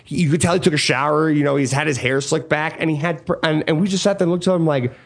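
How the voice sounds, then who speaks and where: Gravelly-voiced man telling a rambling story. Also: fairly high pitch, fairly even intonation, fast talker. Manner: rambling, loose, swearing. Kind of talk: casual storytelling chat.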